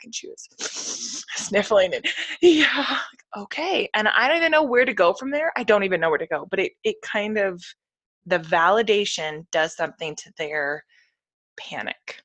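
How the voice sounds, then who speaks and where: A woman's voice: medium pitch, moderate pace, a bit bright, no echo. A woman in her thirties co-hosting a casual parenting chat over a video call, chatty and often acting out a parent and child. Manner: chatty, acts out toddler and parent voices. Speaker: podcast co-host.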